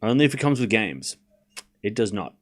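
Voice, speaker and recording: A man hosting a live stream, calling tennis points with excitable play-by-play and chatting casually with his viewers. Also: fairly low pitch, normal speed. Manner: excitable play-by-play mixed with laid-back banter to chat. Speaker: stream host doing live tennis commentary.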